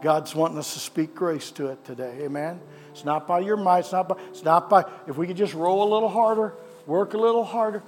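A man's voice: sits high, brisk, soft background music. A man preaching a sermon as pastor of a church, with a fervent cadence that repeats phrases, then leading prayer. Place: church sanctuary.

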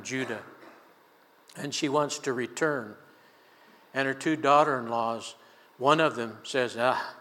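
Here an older man preaches with a bright, forceful, medium-pitched voice, moving between scripture and a folksy story from his own life with relaxed chuckles. His words echo with the long reverb of a big church sanctuary.

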